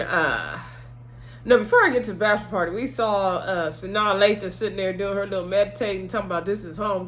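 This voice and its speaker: A woman recaps a TV episode in loose, casual chat. Her voice sits at an ordinary middle pitch, and she keeps slipping in sassy exclamations and side comments. A faint hum runs underneath. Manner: chatty, with sassy exclamations and asides.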